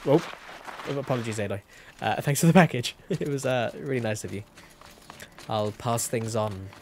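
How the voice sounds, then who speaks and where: Casting: young male game streamer, mid-pitched, rambling casual chatter. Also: normal speed, a little hiss or hum. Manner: rambling, self-correcting, chatty. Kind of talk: casual gameplay commentary.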